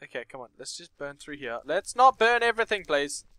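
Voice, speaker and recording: A man's voice: a little high, big pitch swings, fairly quick, pushed and bright, no room sound. A young man commenting on a game, reading story text aloud with nervous asides and startled outbursts. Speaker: gameplay commentator.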